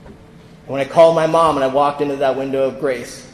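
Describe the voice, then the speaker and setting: A man's voice: medium pitch, fairly even intonation, fairly quick, a little hiss or hum. A man from California telling his recovery story to a convention audience, acting out the people in it. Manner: storytelling, acts out quoted people. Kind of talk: personal recovery story told to a crowd. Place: large convention hall. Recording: echoey hall with long reverb.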